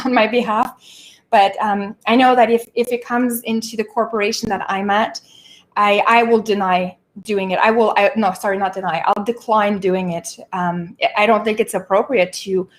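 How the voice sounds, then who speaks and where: A woman hosting a casual livestream from her home, talking in an animated, exasperated way, often laughing and stopping to catch her breath. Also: on the high side. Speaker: show host.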